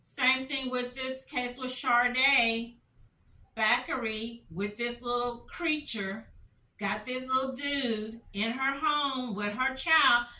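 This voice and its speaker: A woman's voice: fairly high pitch, fairly even intonation, slow, sharp tone, echoey room, far from the mic. A middle-aged woman telling stories as a commentary vlogger, passionate and repetitive, full of rhetorical questions. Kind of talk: emotional storytelling commentary.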